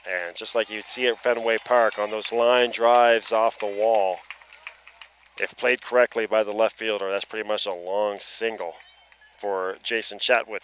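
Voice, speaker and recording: A man's voice: on the low side, steady tone, a little slow, a bit bright, a little hiss or hum. A man with an Atlantic Canadian accent calling a baseball game live, chatty and self-deprecating between plays. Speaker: play-by-play commentator. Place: outdoor ballpark broadcast booth.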